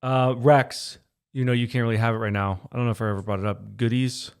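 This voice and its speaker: A man's voice: mid-range voice, flat delivery, quick pace, creaky, clean tone. Teasing man podcast co-host. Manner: teasing, jokey. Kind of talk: casual chat.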